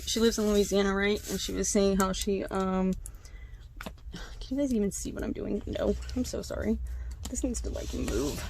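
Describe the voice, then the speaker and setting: A young woman talks straight to her camera at home, spilling neighborhood drama in a loose, gossipy ramble. She slips into quick voiced impressions of the people she's describing and laughs along the way. Her voice sits at an ordinary middle pitch, and a faint hiss sits under the recording. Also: gravelly. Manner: gossipy, animated retelling with voiced quotes, frequent fillers and laughs. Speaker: vlogger. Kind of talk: casual storytelling chat.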